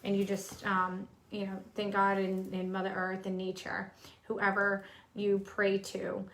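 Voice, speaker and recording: Bright-voiced woman psychic, chatty. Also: mid-range voice, monotone, a little slow, slight background noise. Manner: chatty, teaching with gestures, frequent ums. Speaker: psychic medium and co-host. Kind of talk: casual chat.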